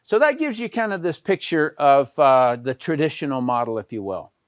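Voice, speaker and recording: A middle-aged man walks through business models in a relaxed teaching talk, often pausing to check in with his listeners. His voice is smooth and resonant, sitting a little high for a man. The sound is dry and close, with no room around it. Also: no echo. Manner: conversational, with frequent "okay" and "all right" check-ins. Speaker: business educator. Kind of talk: explanatory talk over slides.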